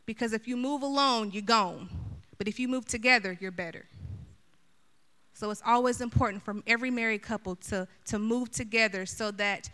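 A middle-aged woman preaches a sermon in an animated, chatty way, turning often to her listeners. Her voice is bright and fairly high. She moves between loud emphasis and softer asides. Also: normal speed. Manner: animated, chatty, addresses the audience directly.

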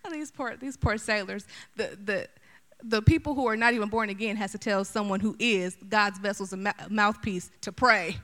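A middle-aged woman preacher giving a sermon, animated and chatty, talking straight to her listeners. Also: mid-range voice, normal speed. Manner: animated, chatty, addresses the audience directly.

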